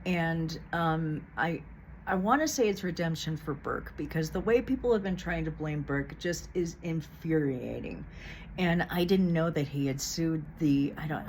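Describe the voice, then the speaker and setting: Woman, lowish voice, blunt, heated, swears a lot, faint hiss behind. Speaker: true crime vlogger. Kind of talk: casual opinionated commentary.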